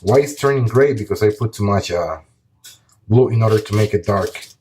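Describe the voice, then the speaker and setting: A man calmly explaining a painting tutorial step by step as he works, pausing often with short fillers. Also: fairly low pitch, a little hiss or hum, low-quality recording. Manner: calm, relaxed explaining while painting, with pauses and fillers. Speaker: art teacher.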